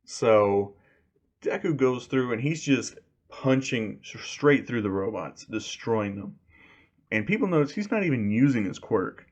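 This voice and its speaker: A man's voice: medium pitch, lively intonation, unhurried, a little mellow, highs cut off. A man casually retelling a fan story, rambling with lots of fillers.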